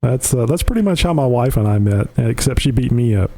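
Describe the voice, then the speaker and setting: A man's voice: mid-range voice, expressive, brisk, creaky, dark tone. A man hosting a call-in talk show in an easygoing, joking way. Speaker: radio show host. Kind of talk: casual call-in chat.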